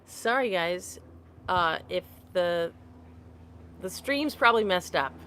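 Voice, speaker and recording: A woman's voice: fairly low pitch, lively intonation, slow pace, fairly bright tone, a little hiss or hum. A woman hosting a casual live chat on her phone, talking to viewers, laughing often and getting sidetracked. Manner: chatty, laughs often, apologetic and easily sidetracked. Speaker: livestream host. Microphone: phone held upright.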